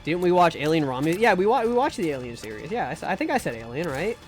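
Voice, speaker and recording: A man's voice: a little high, big pitch swings, fast, faint music behind. A man streaming live, chatting casually and rambling with jokes while playing a game. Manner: rambling and joking, with restarts and mock pleas. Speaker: streamer and VTuber. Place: home room.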